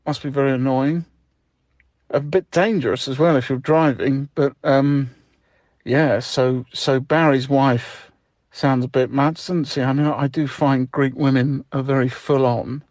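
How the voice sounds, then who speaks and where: A chatty man leaves an offhand voicemail, tripping over his own words as he restarts. His voice is middle pitched and close, with a dry sound and no room around it. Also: dry recording. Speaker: friend arranging the job by voicemail. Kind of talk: deadpan comedy voicemail monologue.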